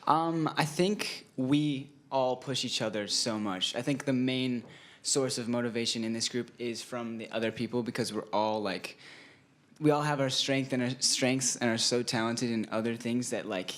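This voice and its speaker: A man's voice: medium pitch, normal speed, fairly bright tone. A young man in a band answers interview questions. He speaks easily and thoughtfully, with many fillers. His voice sits in the middle range for a man. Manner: easygoing, thoughtful, filler-heavy. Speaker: band member.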